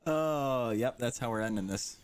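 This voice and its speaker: A man's voice: mid-range voice, moderate pace, clear, resonant tone. A man co-hosting a casual podcast, upbeat and chatty as he steers the talk. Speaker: podcast co-host.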